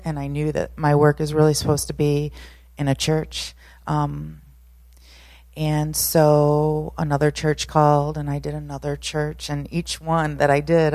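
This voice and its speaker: Low, flat-voiced nervous woman speaker. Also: no echo. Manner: nervous, halting, many fillers. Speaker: guest speaker, photographer. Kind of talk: personal testimony at a church service.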